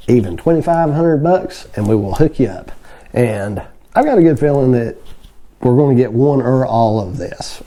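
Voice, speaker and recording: Plainspoken man with a very dark voice. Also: medium pitch. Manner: plainspoken, folksy and direct. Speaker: construction business owner teaching bidding. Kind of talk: instructional video talk.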